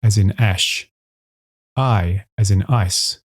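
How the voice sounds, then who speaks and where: A man with a fairly low voice narrates an educational voice-over. He speaks in a measured, scripted way and slows down to enunciate each example sound clearly. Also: a little mellow. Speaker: instructor.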